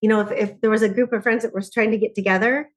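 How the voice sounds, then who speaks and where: A middle-aged woman, a podcast guest who speaks on joy and laughter, telling stories in lively conversation and often laughing. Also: medium pitch, fast talker. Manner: animated storyteller, often laughing.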